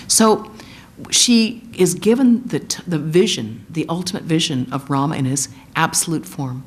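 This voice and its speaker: A woman with a low-pitched voice gives a sermon, retelling an old epic as lively storytelling. She acts out the quotes of its figures in a bright, engaged manner. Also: moderate pace. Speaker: guest speaker, monastic.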